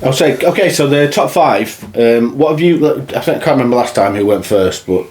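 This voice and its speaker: A man's voice: medium pitch, expressive, brisk, a little mellow, a little hiss or hum. A man co-hosting a podcast, joking and teasing his friend in casual banter. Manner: joking, teasing, breaks into laughter. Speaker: podcast co-host.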